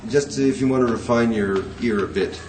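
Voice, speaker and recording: A man's voice: medium pitch, normal speed, a little mellow, slight background noise. A man lecturing a poetry class, rambling and hesitant, chanting rhythms aloud to show them. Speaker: poetry teacher.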